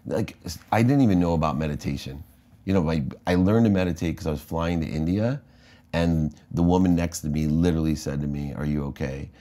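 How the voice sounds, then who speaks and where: Brief: middle-aged American male guest, low mellow voice, animated storyteller who acts out quotes. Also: brisk. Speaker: interview guest, entrepreneur. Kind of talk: candid storytelling in conversation.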